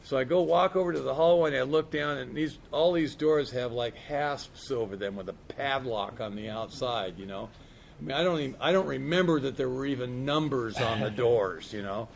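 A man's voice: mid-range voice, moderate pace, gravelly, a little hiss or hum. A man candidly telling a recovery story in a casual, profane way, peppered with "man" and "you know". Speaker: speaker sharing his recovery story.

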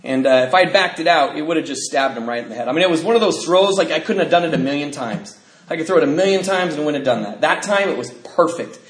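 A man's voice: a little high, expressive, fast, roomy sound, low-quality recording. Man telling a candid life story. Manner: candid storytelling with nervous laughs and fillers. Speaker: speaker sharing a personal testimony. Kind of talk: personal testimony talk.

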